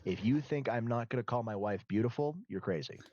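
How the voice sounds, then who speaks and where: A man's voice: mid-range voice, brisk, warm tone. Man running a tabletop game, dull mic. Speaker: game master. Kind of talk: narrating a tabletop role-play on stream.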